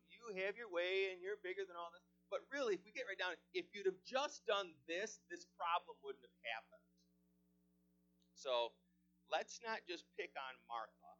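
A man preaching a sermon, climbing loud on key phrases and dropping soft at the ends of lines. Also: mid-range voice, rough recording. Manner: animated, rises loud on emphasis, drops soft at line ends.

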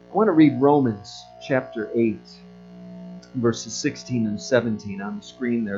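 A man preaching a sermon from a church, earnest and building to forceful high moments. The sound is a little muffled, with a soft plucked guitar playing underneath. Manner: earnest, rising to emphatic peaks. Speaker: pastor.

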